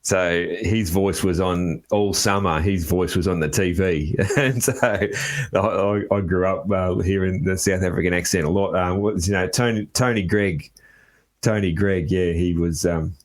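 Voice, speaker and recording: Deep-voiced Australian male podcast host. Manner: halting, many fillers and restarts. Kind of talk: casual interview chat.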